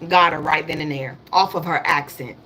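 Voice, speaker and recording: A woman's voice: sits low, fairly even intonation, normal speed, a bit bright, a little hiss or hum. A woman in her thirties speaking African American English, hosting a casual livestream and ranting bluntly, repeating her points and swearing. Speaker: livestream host. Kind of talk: casual political livestream rant.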